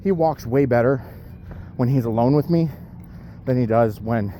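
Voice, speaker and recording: Breathy man vlogging on a walk. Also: medium pitch, normal speed, warm tone, a little hiss or hum. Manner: rambling, many fillers, talks to his dog. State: breathing heavy from an uphill walk. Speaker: powerlifter vlogging his day. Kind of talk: casual vlog talk while walking a dog. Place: outdoors on a walk.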